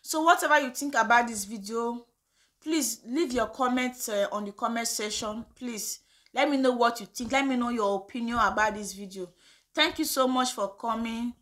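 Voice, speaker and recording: A woman's voice: on the high side, normal speed, fairly bright tone. A woman with a Nigerian accent hosting her own vlog, giving her opinion in an impassioned, indignant way and slipping between English and Pidgin. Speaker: vlogger host. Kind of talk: casual opinion vlog rant.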